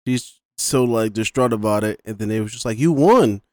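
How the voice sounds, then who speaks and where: A man co-hosting a casual movie podcast, laid-back and quick to laugh as he retells scenes. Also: fairly low pitch, little pitch movement, no echo. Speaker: podcast co-host. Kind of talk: casual movie review chat.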